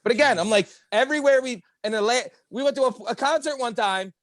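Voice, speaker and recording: A man's voice: very high-pitched, no room sound, studio quality. A man telling wild party stories in a casual, profane podcast chat, acting out the quotes as he goes. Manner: fast, profane, animated storytelling with acted-out quotes.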